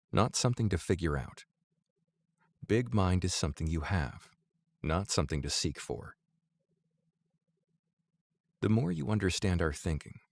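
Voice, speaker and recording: A man narrating an audiobook in a measured, deliberate reading voice. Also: low voice.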